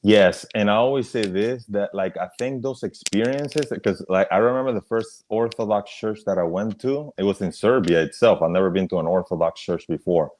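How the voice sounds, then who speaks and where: A man's voice: fairly low pitch, normal speed, hardly any pauses, darkish tone, slight background noise. A man with a Latin American accent, a podcast guest talking in a curious, playful and chatty way. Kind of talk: casual podcast conversation.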